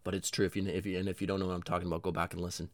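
A man with a low, level-toned voice talks rapid-fire, with no echo, in a casual solo monologue on his own show. Energetic and rambling, the podcast host swears freely and pokes fun at himself.

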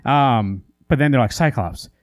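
A man of medium pitch and lively intonation talks at a moderate pace, his tone on the dark side, in a dry recording. As a comic book podcast co-host in casual conversation, he vents exasperatedly, rambling and restarting with lots of fillers.

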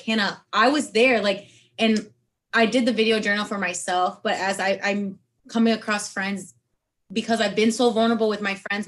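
A woman's voice: mid-range voice, fairly bright tone. A young woman guest on a podcast, talking openly and earnestly in casual chat. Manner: earnest and open, encouraging.

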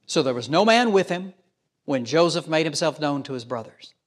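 A pastor in full sermon, a man whose voice sits high and climbs higher when he presses his point. He reads scripture aloud and slips into quick imagined voices to make it land. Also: expressive. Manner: emphatic preaching, acts out imagined voices.

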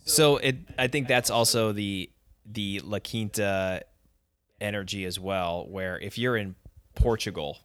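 A man co-hosting a casual recap podcast. His voice sits a bit low, and he walks through the events conversationally, with ready laughter. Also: measured pace, clear, resonant tone. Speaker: podcast co-host. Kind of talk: casual chat recapping a dating show.

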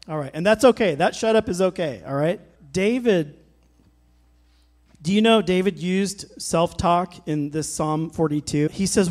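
A middle-aged man preaching a sermon as pastor, fervent and emphatic, swelling louder on scripture and exhortations. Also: high voice, moderate pace.

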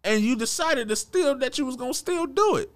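A young man retelling a personal run-in in a casual storytime, animated, restarting his sentences and chuckling as he goes. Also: very high-pitched, fairly quick.

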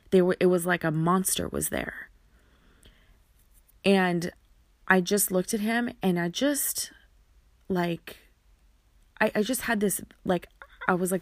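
A woman telling a personal story in a halting way, often repeating words and using fillers. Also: lowish voice, fairly even intonation, no room sound, clean studio sound.

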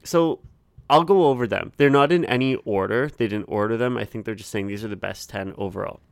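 A man's voice: lowish voice, brisk, creaky, no echo. A young man co-hosting a casual podcast chat, laughing often and swearing casually. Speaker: podcast co-host.

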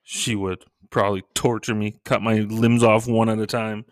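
A middle-aged man with a somewhat low voice tells crude, joking stories in a loose, casual way. He jumps into high, shouted voices for the people he quotes. The recording is very dry and close. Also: flat delivery, normal speed, no echo. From Canada. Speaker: stand-up comedian. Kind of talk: casual comedic storytelling.

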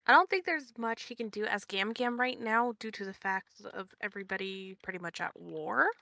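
A woman's voice: mid-range voice, normal speed, vocal fry, pushed and bright, no room sound, clean studio sound. A woman co-hosting a podcast, giving offhand, brief replies in a casual chat. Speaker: podcast co-host.

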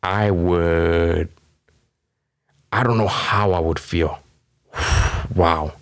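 Deep-voiced man in rambling podcast banter. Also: steady tone, drawn-out words. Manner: rambling, profane, with many fillers. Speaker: podcast host. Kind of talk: casual comedic commentary.

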